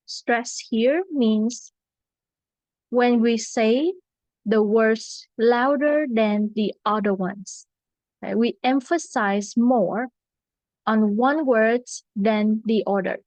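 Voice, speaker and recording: A woman's voice: a little high, darkish tone, no room sound, low-quality recording. A woman, an English teacher explaining vocabulary stress patiently and checking in often. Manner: patient, repeats checks like "okay" and "right". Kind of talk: classroom explanation.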